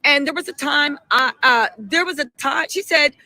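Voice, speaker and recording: A woman's voice: high-pitched, normal speed, sharp tone, dry recording, rough recording. A woman hosting a casual live stream, chatting animatedly, reading out viewer messages and firing off emphatic rhetorical questions.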